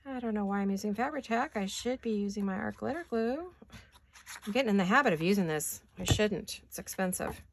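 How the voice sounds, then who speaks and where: Raspy woman vlogger, allergy voice, chatty self-talk while she glues stuff, mid pitch. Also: brisk, a little hiss or hum. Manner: chatty, talks to herself while working. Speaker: paper craft vlogger. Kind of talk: casual crafting chat. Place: home craft studio.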